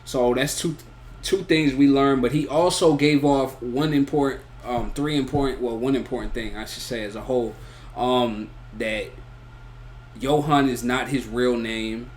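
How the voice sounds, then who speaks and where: A man's voice: medium pitch, fairly even intonation, a little slow, a little hiss or hum. A man giving a casual, rambling spoken review of an anime, full of slang and repeated "you feel me" and "bro". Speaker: anime reaction YouTuber.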